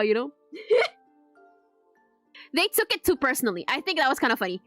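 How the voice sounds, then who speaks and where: A woman's voice: high voice, very animated, a little fast, fairly bright tone, faint music behind. A woman, chatting casually as a VTuber answering viewer questions, giggling often and rambling with restarts and Malay words mixed in. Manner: giggly, laughs often between sentences. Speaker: VTuber streamer. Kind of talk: casual Q&A chat.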